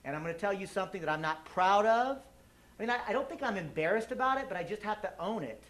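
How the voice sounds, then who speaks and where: A man's voice: high-pitched, animated, quick pace, a bit bright. An American man giving an impassioned public speech at a community event, emphatic and full of rhetorical questions. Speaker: political speaker. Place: community meeting hall. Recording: echoey room recording.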